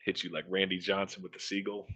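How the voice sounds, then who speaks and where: A man's voice: low-pitched, level tone, fast talker, pushed and bright, slightly rough. A man at a tabletop game, cracking jokes and laughing. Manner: joking, laughing. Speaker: player.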